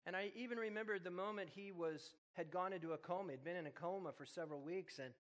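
A man's voice: high-pitched, fast, a bit bright, big-room sound. A man preaching to a church congregation, telling a personal story and then leading an earnest, prayerful altar call. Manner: earnest, prayerful, builds in intensity when moved. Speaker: pastor. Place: church sanctuary.

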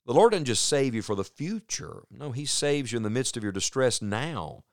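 A man preaching a sermon on the radio, earnest and emphatic, slowing down to stress key phrases. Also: medium pitch, animated, no echo, studio quality.

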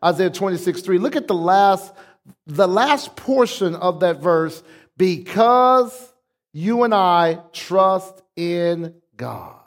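Male pastor with a high voice, preaching with emphatic call-and-response. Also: animated, slow pace. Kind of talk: sermon.

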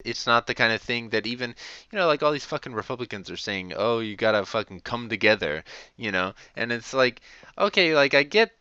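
A man's voice: medium pitch, lively intonation, brisk, sharp tone, clean tone, no room sound. A man hosting a podcast, venting in a rambling, profane, casual monologue full of fillers and short laughs. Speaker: podcast host. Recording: dull lo-fi recording.

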